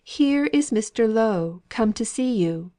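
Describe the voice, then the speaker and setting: A commanding middle-aged matron, loud and clearly spoken, as a woman narrator puts her on. Her tone is firm and impatient. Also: medium pitch, expressive, normal speed, lightly acted.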